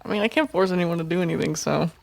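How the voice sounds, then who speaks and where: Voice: medium pitch, very fast, gravelly. A player in a tabletop game chatting casually and laughing often. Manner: laid-back, laughing.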